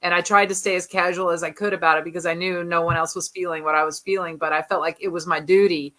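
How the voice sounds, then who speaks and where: A woman guest on a chat show, telling stories in an animated, chatty way. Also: lowish voice, fast talker. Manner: animated, storytelling. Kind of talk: casual chat.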